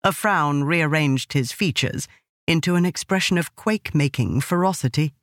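A woman narrating an audiobook in a measured, expressive storytelling manner. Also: sits low, no room sound, studio quality. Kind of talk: scripted narration.

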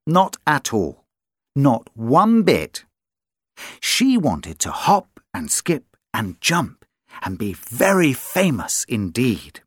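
A storyteller reads a children's picture book aloud with a sing-song lilt and wide swoops of pitch. The delivery is slow and unhurried. The recording is dry and close. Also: huge pitch swings, slightly rough, no room sound.

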